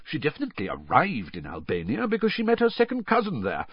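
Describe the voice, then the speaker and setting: A man's voice: a little high, huge pitch swings, quick pace, slightly rough, no room sound, lo-fi sound, voice pushed up, full character voice. A man voicing a jovial, nervous middle-aged male wizard official who talks in a hearty, confiding way. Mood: chatty. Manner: bluff and hearty, dropping to a confiding hush.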